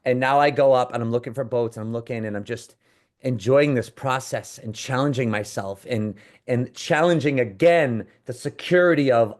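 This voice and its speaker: A man co-hosting, telling a long personal story in a rambling, animated way with many restarts. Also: mid-range voice, moderate pace. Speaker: co-host. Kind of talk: casual storytelling.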